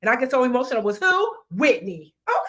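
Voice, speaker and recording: A woman's voice: high voice, fast talker. Playful woman in her 30s teaching a live class, chatty, calls viewers child and baby, slangy asides. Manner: lively, playful, talks straight to viewers, drops into slang and snatches of song. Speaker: financial educator hosting a live workshop.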